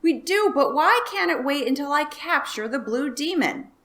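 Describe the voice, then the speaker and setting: Woman doing a yelling farmer, hot-tempered. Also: high voice, animated, normal speed, voice pushed up. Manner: loud yelling.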